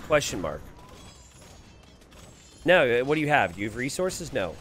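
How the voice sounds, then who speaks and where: A man's voice: medium pitch, normal speed, slight background noise. A man commentating a strategy game live on stream and reading the chat aloud. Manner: animated, reads viewer chat aloud.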